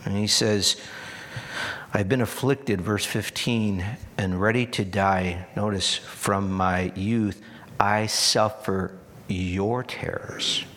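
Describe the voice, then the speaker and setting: With a lowish voice and fairly even intonation, a pastor delivers his sermon earnestly and repetitively, dwelling slowly on each phrase. Emphatic high points give way to quiet asides, and a long reverb surrounds him like the acoustics of a big hall.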